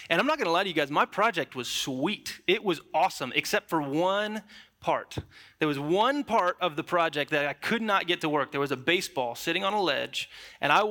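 A young man preaching a sermon, opening with a lively, conversational personal story before moving into scripture. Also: on the high side. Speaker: pastor. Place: church.

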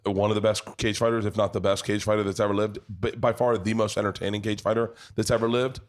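Dude hosting a podcast at a pub, loud profane storyteller, just chatting. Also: male voice, lowish voice, little pitch movement, quick pace. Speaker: podcast host. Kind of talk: casual chat.

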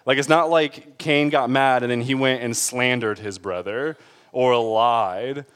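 A man's voice: medium pitch, a little slow, a bit bright, clean tone, long reverb tail. A man preaching a sermon in an earnest, conversational way, building to emphatic peaks. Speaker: pastor.

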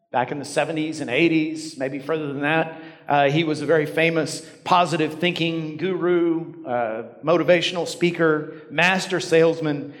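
Pastor preaching in a big echoing hall. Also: male voice, on the high side. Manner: storytelling, dropping to near whisper for emphasis. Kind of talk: sermon. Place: church sanctuary. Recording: long reverb of a large hall.

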